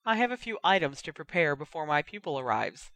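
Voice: medium pitch, very animated, brisk, pushed and bright, no room sound. Remus, a reader voicing a formal courteous teacher. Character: grown man, polite formal teacher wizard.

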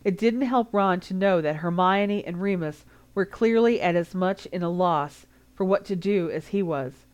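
Woman, audiobook narration, lowish pitch, steady, unhurried. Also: lo-fi sound. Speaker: audiobook reader. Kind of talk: reading fan fiction aloud.

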